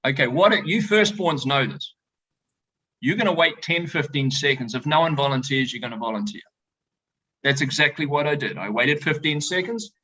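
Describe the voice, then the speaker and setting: A middle-aged man, a winemaker, telling animated, joking stories to a tasting audience over a video call. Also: fairly high pitch, moderate pace, slightly rough, dull audio. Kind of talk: storytelling talk to a tasting audience. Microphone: video call presentation.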